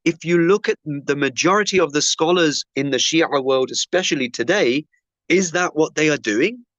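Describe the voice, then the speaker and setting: A male preacher telling a personal story in a sermon, acting out the dialogue with lively shifts of voice. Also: fairly high pitch, moderate pace, no room sound, muffled recording. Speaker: Muslim preacher.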